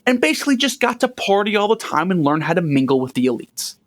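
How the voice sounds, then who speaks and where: A man's voice: sits high, sing-song, quick pace. A man co-hosting a comedy history podcast, telling the story in a loose, profane, joking way. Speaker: podcast co-host. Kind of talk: casual comedic history chat.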